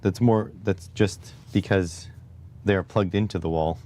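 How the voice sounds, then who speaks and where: Low, unhurried man thinking aloud. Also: fairly even intonation, dark tone, a little hiss or hum. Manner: thinks aloud step by step, wry asides to viewers. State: recovering back injury. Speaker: livestream host. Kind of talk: casual livestream chat while tinkering.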